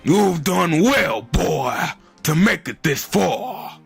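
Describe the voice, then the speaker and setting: A man voicing a pompous old male ambassador villain, speaking slowly and condescendingly while reading game dialogue aloud. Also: sits high, very animated, gravelly, soft background music, full character voice. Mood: gloating. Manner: slow, gloating, condescending.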